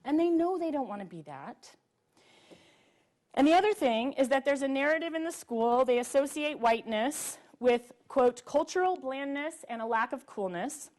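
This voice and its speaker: A middle-aged woman giving an earnest, emphatic public talk to a live audience, pausing on rhetorical questions. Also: high voice, animated, a little mellow. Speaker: public speaker. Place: library event room with audience.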